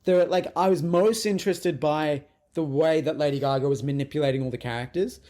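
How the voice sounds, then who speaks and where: A man's voice: a little high, brisk. A man co-hosting a movie podcast, chatting casually and bluntly, swearing freely as he reviews a film. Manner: blunt, swears freely, animated when mocking. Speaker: podcast co-host.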